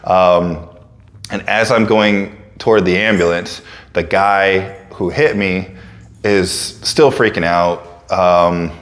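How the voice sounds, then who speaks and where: A man telling a personal story in a casual, relaxed way, stumbling over restarts and acting out other people's lines. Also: deep voice, slow. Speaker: fitness coach and storyteller.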